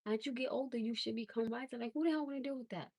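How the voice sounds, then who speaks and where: A woman's voice: a little high, fairly even intonation, rapid-fire, a little mellow, slightly rough, no room sound. Blunt, exasperated woman ranting on a livestream. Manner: blunt, exasperated, emphatic with rising disbelief. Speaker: livestream host. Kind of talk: casual livestream rant.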